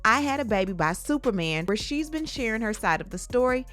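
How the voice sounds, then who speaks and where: A woman hosting a gossip channel, reading scripted narration in a smooth, even newsreader delivery. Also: on the high side, brisk, faint music behind.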